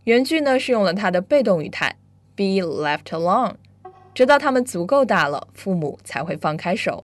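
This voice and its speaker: A woman hosting a bilingual English lesson, upbeat, drilling words slowly and carefully. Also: mid-range voice, sing-song, dry recording. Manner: upbeat, switches between Chinese and English, slow careful pronunciation drills. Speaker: English teacher and host.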